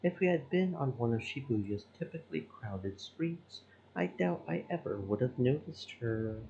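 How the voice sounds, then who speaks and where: A man streaming a game, reading its story text aloud in slow, measured narration. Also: mid-range voice, expressive, vocal fry, mellow, muffled recording, a little hiss or hum.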